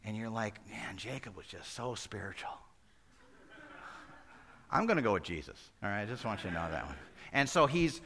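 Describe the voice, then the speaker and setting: A middle-aged male pastor preaching a sermon, moving between loud exclamations and hushed asides. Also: fairly high pitch, very animated, moderate pace.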